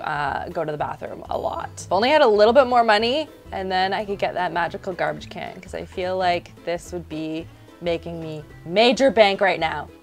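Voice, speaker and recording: A young woman hosting a let's-play, chatting in a bubbly way and talking to her game characters. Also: mid-range voice. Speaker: gaming channel host.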